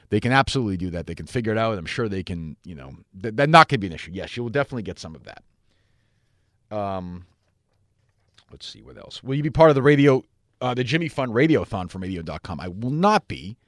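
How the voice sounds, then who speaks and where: A man's voice: dry recording, studio quality. A man hosting a podcast in a casual, rambling monologue, swearing freely as he answers listener mail. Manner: rambling and profane, with frequent fillers and wide swings in pitch. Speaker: podcast host.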